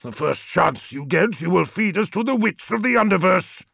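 A man's voice: high-pitched, expressive, normal speed, vocal fry, a bit bright, dry recording, studio quality, pitched above the performer's own voice, exaggerated voice. A man voicing a furious male wolf warrior who snarls and growls his threats, in an audiobook.

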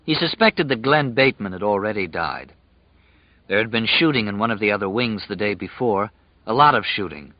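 A man reading an audiobook as narrator in a measured, even storytelling manner. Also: lowish voice, no room sound, lo-fi sound. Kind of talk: scripted narration.

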